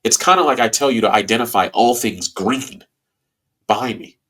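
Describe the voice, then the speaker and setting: A man hosting a podcast in a casual monologue, with a stuffy nose, talking in a folksy way with bursts of excitement. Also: mid-range voice, moderate pace. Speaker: podcast host.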